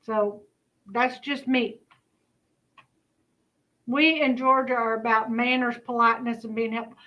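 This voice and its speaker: A woman's voice: on the high side, fairly even intonation, unhurried, dull audio. A woman from Kansas hosting a casual commentary stream, chatty and folksy with laughing asides. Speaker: host.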